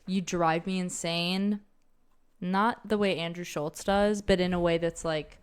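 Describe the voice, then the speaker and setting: A young woman co-hosting a podcast, ranting in casual chat, animated and profane, laughing often. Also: on the low side, unhurried, smooth. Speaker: podcast co-host.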